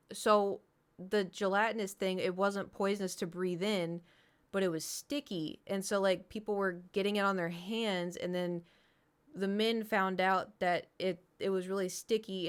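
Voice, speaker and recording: A woman's voice: medium pitch, smooth. A young adult woman streamer telling a long story in casual chat, rambling with lots of fillers and swearing.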